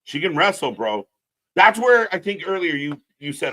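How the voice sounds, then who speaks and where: A man's voice: on the high side, sing-song, fairly quick, fairly bright tone. A man co-hosting a live wrestling commentary stream, talking casually and bluntly, swearing and ranting with strong opinions.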